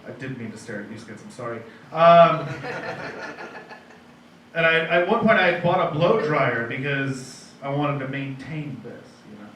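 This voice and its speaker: Self-deprecating comedian in an echoey bar. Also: male voice, medium pitch, animated, a little slow, fairly bright tone, recorded from a distance. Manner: self-deprecating, rambling with restarts. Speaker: stand-up comedian. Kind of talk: stand-up comedy set. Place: comedy night in a donut bar. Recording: very echoey room, mic heard from afar, faint noise.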